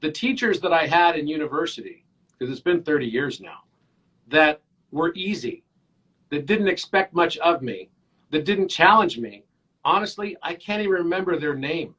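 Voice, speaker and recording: A man in his fifties speaks as a podcast guest, earnest and animated as he tells his stories. His voice is husky and sits fairly high for a man. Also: moderate pace, rough recording. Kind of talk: casual interview chat.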